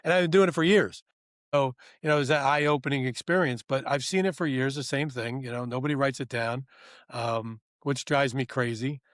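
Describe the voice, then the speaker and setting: A man's voice: medium pitch, fairly quick, fairly bright tone, no echo, clean studio sound. A man co-hosting a podcast, telling a work story in a rambling, casual way and acting out the people he quotes. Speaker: podcast co-host. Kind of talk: casual anecdotal chat.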